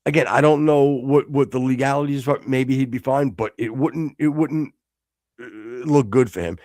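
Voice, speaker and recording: A man's voice: medium pitch, moderate pace, a little mellow, dry recording, studio quality. A man hosting a podcast, telling a heated, profane story in casual chat and acting out both sides of an argument. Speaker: podcast host. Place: studio.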